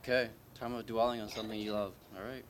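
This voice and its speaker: A man's voice: fairly low pitch, flat delivery, quick pace, slight background noise. A man preaching an informal sermon at a church service, talking in a conversational, hesitant way with many restarts and questions to the congregation.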